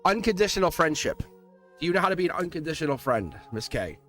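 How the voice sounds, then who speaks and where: A man's voice: on the high side, sing-song, quick pace. A man giving a live-stream tarot reading, chatty and laughing, speaking straight to his viewers. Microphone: desk mic. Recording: faint music behind the voice. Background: soft background music.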